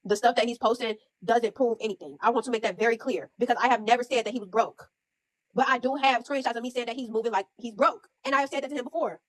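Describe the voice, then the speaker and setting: Young woman host, rapid-fire, profane storytime chat, dry close sound. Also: fairly high pitch, no room sound. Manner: blunt, profane, animated storytelling.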